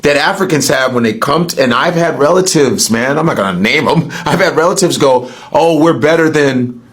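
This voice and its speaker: A man's voice: medium pitch, expressive, brisk, a bit bright. A man born in the United States, ranting heatedly and profanely on a podcast, with emphatic outbursts.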